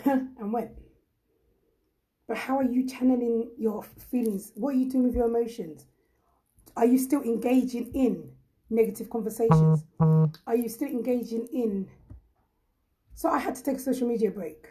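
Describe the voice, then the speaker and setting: A woman from Ghana hosting a casual live chat, her voice mellow and set a little high. She talks bluntly and emphatically, hammering points home by repeating them and reading viewers' comments aloud. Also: rough recording. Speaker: host.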